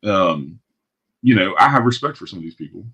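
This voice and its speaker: A man's voice: low voice, lively intonation, brisk, fairly bright tone, slightly rough. A man hosting a podcast in casual chat, talking bluntly and profanely in a ranting way. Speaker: podcast host.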